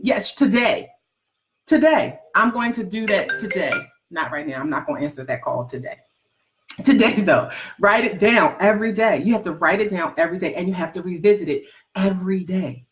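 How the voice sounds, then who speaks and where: A woman's voice: mid-range voice, lively intonation, normal speed. A woman coaching aspiring book writers in a motivational talk to a live audience, emphatic and repetitive, teasing her listeners and calling them "baby". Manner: folksy, calls listeners "baby".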